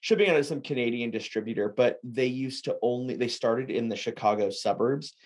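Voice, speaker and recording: A man's voice: mid-range voice, fairly quick. A man hosting a casual podcast interview, talking in a rambling way with lots of filler words. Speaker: podcast host.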